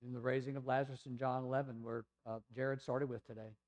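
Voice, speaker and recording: Warm-voiced Southern preacher man. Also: mid-range voice, little pitch movement, fast. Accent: Southern American. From Tennessee, USA. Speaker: pastor. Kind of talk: sermon.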